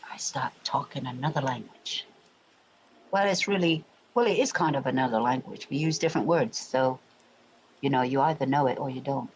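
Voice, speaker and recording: A livestream host from England with an English accent softened by years in America, chatting loosely and talking straight to viewers. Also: mid-range voice, moderate pace, slight background noise, rough recording. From England, Royal Berkshire. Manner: rambling, chatty, addressing viewers directly. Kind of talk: casual livestream chat.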